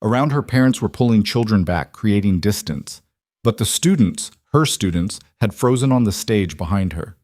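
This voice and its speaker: Man narrating a western story, lowish voice, measured and dramatic, dry close sound. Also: lively intonation, darkish tone, no echo. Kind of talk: scripted narration.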